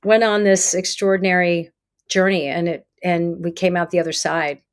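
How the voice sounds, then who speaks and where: A middle-aged woman, a psychotherapist guest in an interview, telling stories in a lively way and acting out quoted dialogue. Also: on the low side, normal speed, clean tone. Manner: animated, acts out quoted dialogue. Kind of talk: conversational interview storytelling.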